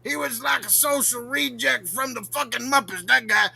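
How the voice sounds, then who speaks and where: A man playing a crude, foul-mouthed loudmouth who shouts boastful rants in a dry, gravelly voice for a comedy podcast bit. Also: extremely high pitch, normal speed, crowd noise, exaggerated voice. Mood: ranting. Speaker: regular show character answering questions.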